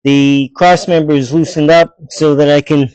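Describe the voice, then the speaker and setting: A man working as a hot rod mechanic in his garage, talking bluntly and loudly in a casual vlog while wearing a headset. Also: fairly high pitch, flat delivery, normal speed, clear, resonant tone, dry recording, poor audio. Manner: blunt, direct and talks loud. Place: car garage. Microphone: headset mic.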